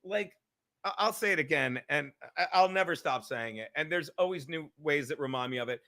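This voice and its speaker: A middle-aged man tears through a profane comedic rant, voice loud and excitable, his tone bright and forceful. He sits a touch higher than most men and keeps swinging between grumbles and shouts. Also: a little fast, vocal fry. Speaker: podcast host. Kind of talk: ranting comedic monologue.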